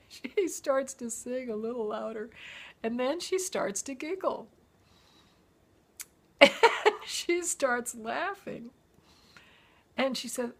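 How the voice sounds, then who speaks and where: Slow, gravelly woman telling a memoir. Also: fairly high pitch. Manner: lively storytelling, acts out quoted voices and breaks into song. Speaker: memoir author and storyteller. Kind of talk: reading a personal memoir aloud.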